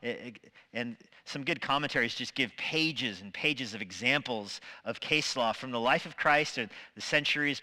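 Bright-voiced male preacher in a reverberant hall. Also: fairly high pitch. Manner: animated, acts out quoted voices. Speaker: pastor. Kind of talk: sermon. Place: church sanctuary.

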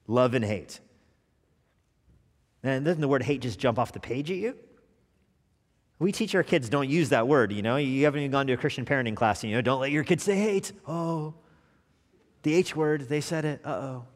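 Animated preacher in a reverberant church. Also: male voice, mid-range voice, brisk, long pauses. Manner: animated preaching, dropping to quiet asides. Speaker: pastor. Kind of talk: sermon. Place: church sanctuary. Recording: long reverb of a church hall.

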